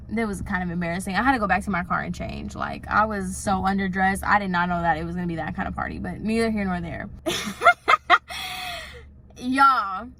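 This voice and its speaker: A woman's voice: medium pitch, fairly bright tone, a little hiss or hum. A young woman who works at a salon, telling a story to camera in an exasperated, chatty way full of "like". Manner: chatty, exasperated, heavy use of filler "like". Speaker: salon worker. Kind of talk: casual storytime vlog.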